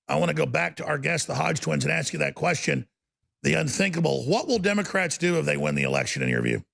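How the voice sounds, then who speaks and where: A middle-aged man hosting a combative political talk show, animated and indignant, repeating words as he gets worked up. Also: fairly high pitch, quick pace, creaky.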